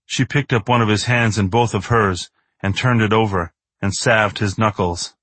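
A man narrating a novel in the first person in a measured, steady, understated way. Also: fairly low pitch, no room sound. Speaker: audiobook narrator.

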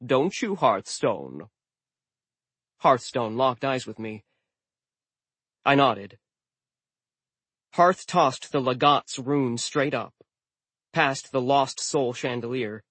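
Male narrator, dry and wry first-person read, husky, slow. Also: medium pitch, a bit bright, dry recording. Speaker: audiobook narrator.

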